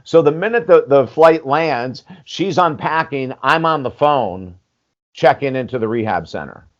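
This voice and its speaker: A man's voice: mid-range voice, measured pace, highs cut off. A man in his sixties, a life coach guesting on a podcast, telling his story candidly and animatedly, acting out dialogue with casual swearing. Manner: animated, acts out quoted dialogue, frequent "you know", casual swearing.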